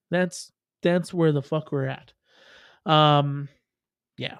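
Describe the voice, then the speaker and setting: High-voiced rambling streamer guy. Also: steady tone, slow, clear, resonant tone, dry recording, studio quality. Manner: rambling, profane, laughing asides. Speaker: livestream host. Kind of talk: casual livestream chat.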